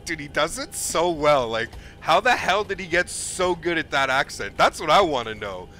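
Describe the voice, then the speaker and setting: A young man with a high, bright voice talks through a flight simulator stream. He is upbeat and effusive, thanking donors again and again between cockpit steps. His delivery stays loose and chatty. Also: lively intonation, normal speed, a little hiss or hum. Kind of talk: live gameplay commentary.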